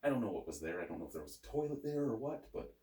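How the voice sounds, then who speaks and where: Rambling low-voiced man reviewing beer. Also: sing-song, racing, dark tone, echoey room, recorded from a distance. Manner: rambling, swears and jokes. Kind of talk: casual beer review chat.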